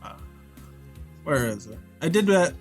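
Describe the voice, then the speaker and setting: Lively laughing New man. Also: on the high side, a little slow, husky, soft background music. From New York. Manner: animated storytelling with lots of laughter. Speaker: game developer streaming. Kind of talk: casual chat.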